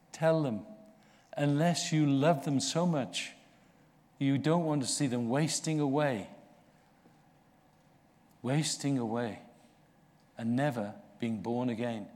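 Slow earnest male preacher in a hall. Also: a little high, darkish tone. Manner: slow and earnest, rising for emphasis. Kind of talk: sermon. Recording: long reverb of a large hall.

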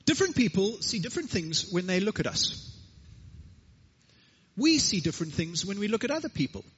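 A man preaching a sermon, an animated storyteller with chatty asides, in a church hall. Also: high-pitched, brisk, breathy edge, lo-fi sound. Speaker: pastor.

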